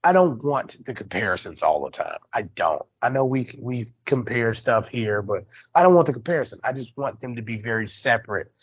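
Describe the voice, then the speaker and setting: A middle-aged man hosting a podcast, talking bluntly and profanely with quick jabs. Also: mid-range voice, expressive, husky, no room sound, lo-fi sound. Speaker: podcast host. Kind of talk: casual chat.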